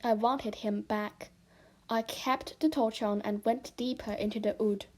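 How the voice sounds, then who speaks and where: A woman reads a children's novel aloud in a fairly high voice. Her storytelling is slow and expressive. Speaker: storybook reader.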